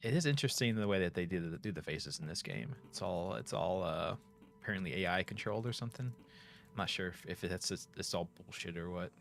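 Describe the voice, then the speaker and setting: A man's voice: deep voice, animated, fairly quick, creaky, soft background music. A man giving rambling let's play commentary with many fillers. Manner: rambling, filler-heavy, chuckling. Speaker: gaming youtuber.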